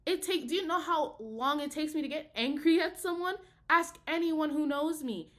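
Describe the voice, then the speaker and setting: A young woman, a college student, talking heatedly and profanely in a casual video diary. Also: high voice. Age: young adult. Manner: heated, profane, emphatic ranting.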